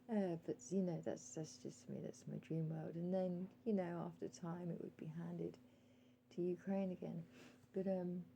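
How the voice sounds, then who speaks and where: Earnest, gravelly woman vlogger. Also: fairly low pitch, fairly even intonation, normal speed, warm tone, a little hiss or hum, low-quality recording. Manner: earnest, addresses listener as "sir", hesitant with frequent ums; calls out timer readings while talking. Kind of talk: direct-to-camera monologue.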